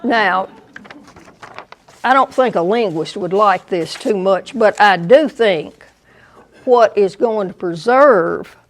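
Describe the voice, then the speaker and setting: A woman with a Southern US accent giving a museum lecture, deliberate and dry, with wry asides to the audience. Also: medium pitch. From American South. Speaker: guest lecturer.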